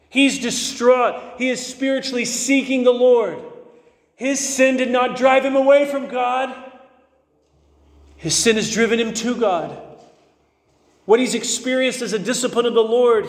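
A man preaching a sermon as pastor, earnest and emphatic, slowing to stress key phrases. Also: very high-pitched, roomy sound, in a large hall.

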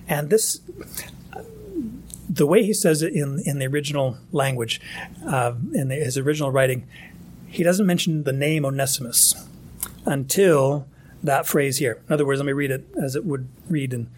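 A man's voice: a little high, moderate pace, a little mellow. A man preaching a sermon in a conversational, emphatic way, often restarting his phrases. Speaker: pastor.

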